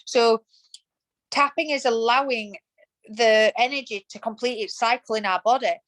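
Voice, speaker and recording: A woman's voice: a little high, moderate pace, fairly bright tone, rough recording. A woman in her thirties, a podcast guest, talking in a passionate, emphatic way in a casual interview. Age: 30s. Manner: emphatic and passionate, acts out quoted thoughts.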